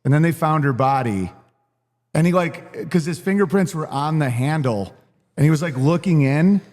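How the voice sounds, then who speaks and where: A man's voice: a little high, lively intonation, moderate pace, darkish tone, big-room sound. A man, a comedian, chatting loosely on a podcast, rambling with lots of "like" fillers. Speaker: comedian guest. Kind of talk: casual podcast chat.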